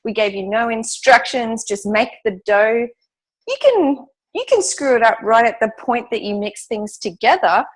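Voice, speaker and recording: A woman's voice: on the high side, normal speed. A woman from Australia, a guest on a casual podcast chat, talking emphatically and working up to indignant outbursts. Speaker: guest, former baking-show winner.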